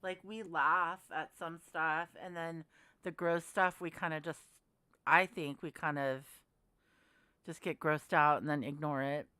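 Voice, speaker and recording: A woman's voice: sits low, fairly even intonation, a little slow, bright, forceful tone, smooth, no room sound. A woman hosting a casual livestream, chatting with viewers in a rambling, friendly way. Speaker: livestream host. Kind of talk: casual livestream chat reading comments.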